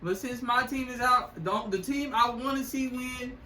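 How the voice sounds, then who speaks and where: A young man hosting a casual podcast, giving eager, quick sports recaps. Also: very high-pitched, sharp tone, reverberant, far from the mic, slight background noise. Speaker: podcast host, son.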